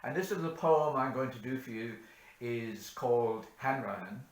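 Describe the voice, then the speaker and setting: A man from rural Ireland, reciting a bush poem in a measured, theatrical storytelling voice. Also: medium pitch. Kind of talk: poetry recitation. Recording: echoey room.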